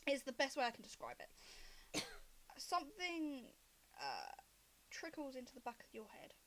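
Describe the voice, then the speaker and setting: A woman's voice: high-pitched, wildly swooping pitch, moderate pace, a bit bright, slight background noise. A woman narrating as game master of a tabletop game, rambling and hesitant, with fillers and the odd cough.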